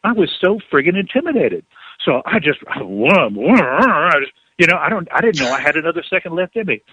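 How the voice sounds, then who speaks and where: Animated male author telling a story. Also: a little high, a little fast, slightly rough, dry recording, dull audio. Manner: animated, acts out quotes. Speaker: author guest. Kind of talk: storytelling in an interview.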